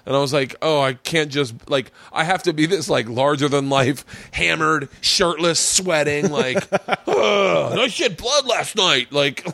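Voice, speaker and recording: A man's voice: on the high side, a little slow, creaky. A man hosting a podcast, telling stage stories in casual chat, swearing freely and acting out other people's voices. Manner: animated, profane, acts out voices in his stories. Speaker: podcast host and comedian.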